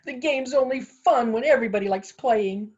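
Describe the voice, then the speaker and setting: A woman reading a story aloud, voicing a frightened older woman who shrieks in a high, breathless voice. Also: normal speed, a little mellow, slightly rough, highs cut off. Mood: anxious. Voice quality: shrill high screams. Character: panicky older woman, a timid sister.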